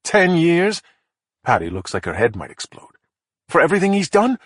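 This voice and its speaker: A man voicing a sharp-tongued, exasperated female detective in an audiobook, with a husky voice. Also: medium pitch, fairly quick, no echo, clean studio sound, voice pushed up, lightly acted. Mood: incredulous. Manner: exasperated, blunt. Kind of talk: audiobook character voice.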